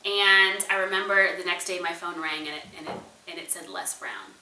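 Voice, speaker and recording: A woman entrepreneur and speaker telling a personal story to an audience in an animated, conversational way. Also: lowish voice, moderate pace, far from the mic. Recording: roomy echo, voice a bit away from the mic.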